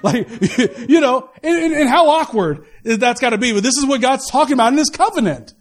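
Male pastor, high-pitched, preaching an animated sermon with humorous asides. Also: brisk. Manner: animated preaching with asides and laughter, swinging from loud to quiet.

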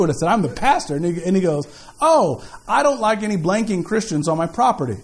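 A man preaching a sermon as pastor, in an animated, jokey, conversational way. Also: high-pitched, a little fast. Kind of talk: sermon with storytelling.

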